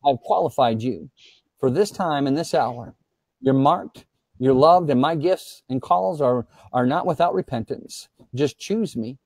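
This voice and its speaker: A man's voice: medium pitch, measured pace, a little mellow, no room sound, studio quality. A man preaching as a guest pastor, fervent and repetitive, often speaking in the voice of God to his viewers.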